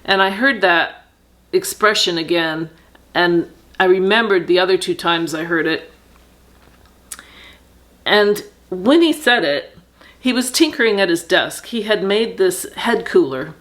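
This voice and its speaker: A middle-aged woman tells her own story to the camera in a fairly low voice. She speaks earnestly and reflectively, halting often with fillers and restarts as she gathers her thoughts. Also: expressive, a bit bright. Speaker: vlogger telling personal story. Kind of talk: candid personal storytelling.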